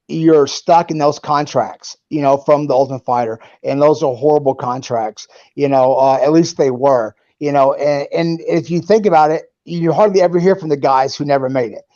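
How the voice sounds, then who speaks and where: A man's voice: a little high, warm tone. A middle-aged man, a former pro fighter, chatting casually about his career and talking in rambling bursts with fillers and restarts. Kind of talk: casual conversation. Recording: dull lo-fi sound.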